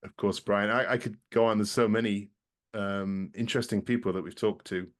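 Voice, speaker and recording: A man's voice: fairly low pitch, steady tone, normal speed. A man appearing as a podcast guest, chatting casually and rambling with a self-deprecating, apologetic manner.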